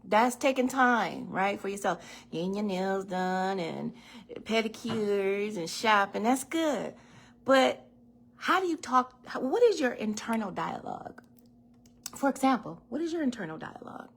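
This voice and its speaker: Gravelly-voiced woman chatting on a livestream. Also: medium pitch, animated, unhurried. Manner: chatty storyteller, laughs and swears freely. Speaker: baker and livestream host. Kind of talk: casual livestream chat. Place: home kitchen. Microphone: phone or webcam in a home kitchen.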